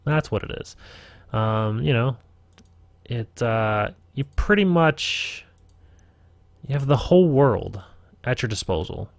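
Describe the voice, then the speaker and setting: A man's voice: medium pitch, lively intonation, slow pace, creaky, long pauses, no room sound. A man running a casual live tutorial stream as game master, rambling, swearing and talking to himself at his computer. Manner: rambling, profane, self-talking.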